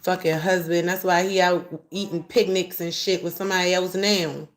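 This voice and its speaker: A woman's voice: lowish voice, steady tone, moderate pace. A woman talking casually to viewers on a livestream. She is blunt and profane and swings between scorn and grief. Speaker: livestreamer, grieving mother.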